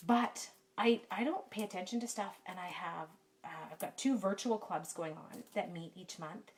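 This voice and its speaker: A woman's voice: medium pitch, normal speed. Chatty woman teaching stamping live. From Canada. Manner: chatty, self-deprecating, talks to viewers by name. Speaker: stamping craft demonstrator. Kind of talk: live-stream craft tutorial with chat. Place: home craft room. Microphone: camera mic.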